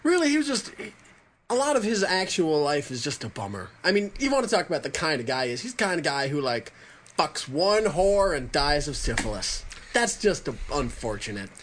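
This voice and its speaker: A man's voice: fairly high pitch, very animated, brisk, a bit bright, slight background noise. A man co-hosting a podcast, making dry wisecracks and absurd asides in casual banter. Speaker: podcast co-host.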